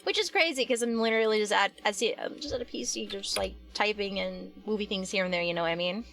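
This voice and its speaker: Chatty young woman streaming with soft music. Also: mid-range voice, quick pace. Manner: chatty and rambling, many fillers and restarts, reads and answers chat. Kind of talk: casual live-stream chat while working.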